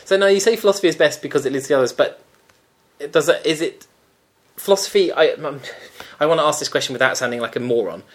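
A man's voice: fairly high pitch, fast. A man hosting a casual podcast chat, reading listener questions in a playful, teasing, easily amused way.

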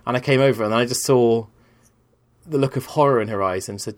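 A man's voice: on the low side, steady tone, fairly quick. Man telling a long story. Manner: rambling, candid storyteller. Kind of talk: casual conversation.

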